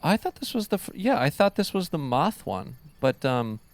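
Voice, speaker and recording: A man's voice: fairly high pitch, very animated, normal speed, dry recording. A man hosting a podcast, chatting loosely and rambling, swearing casually. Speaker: podcast host. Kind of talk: casual chat.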